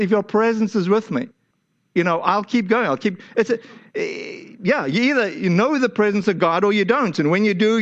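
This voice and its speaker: A man with a notably high voice preaches a sermon, talking conversationally and restarting his phrases often. The recording sounds a little dull and muffled. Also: a bit bright. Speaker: pastor.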